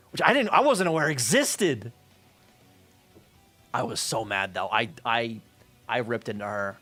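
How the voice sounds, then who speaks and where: A lively young man chats on a stream, his voice swinging high and low as he acts out the people in his story. His tone is bright and sharp, he swears freely, and faint music plays behind him. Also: unhurried, long pauses. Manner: animated, profane, acts out quoted voices. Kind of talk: casual storytelling chat.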